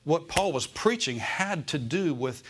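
A man's voice: a little high, lively intonation, measured pace, fairly bright tone, breathy edge. A male pastor preaching a Sunday sermon in a church, often calling out "Amen?" and "Okay?" to the congregation.

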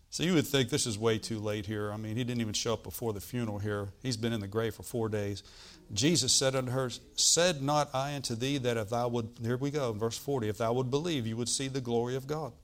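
A man preaching a sermon, reading scripture aloud and explaining it, swinging from loud bursts to quiet asides. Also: medium pitch, brisk. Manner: animated preaching, bursts loud on quoted lines then drops quiet; reads old-style scripture, asides with "all right?".

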